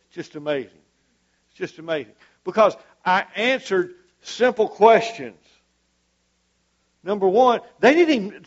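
A man's voice: high voice, highs cut off. A man preaching a sermon to a church congregation, fervent and emphatic, repeating his points for weight.

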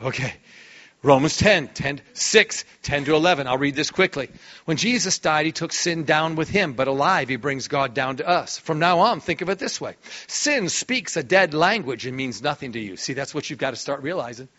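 Give me a fiery male pastor preaching a sermon with a sharp, bright voice that jumps from quiet to shouting. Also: fairly high pitch, normal speed, highs cut off. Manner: energetic, swings from quiet to sudden shouts.

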